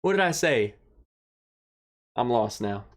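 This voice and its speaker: A young man hosting a casual livestream, who rambles, greets viewers by name and gets excited and emotional. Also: medium pitch, slow, background noise. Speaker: livestream host. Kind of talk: casual livestream chat, reading viewer comments.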